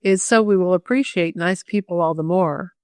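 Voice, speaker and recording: A woman voicing a cheerful, confident young girl in a storybook reading, speaking in a lively, joking way. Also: fairly low pitch, moderate pace, no room sound, clean studio sound, close to an everyday voice. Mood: jolly.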